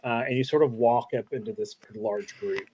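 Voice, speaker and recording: A man's voice: mid-range voice, fairly even intonation, normal speed, dark tone, slightly rough. A man narrating a tabletop game as game master, casual and hesitant with many fillers.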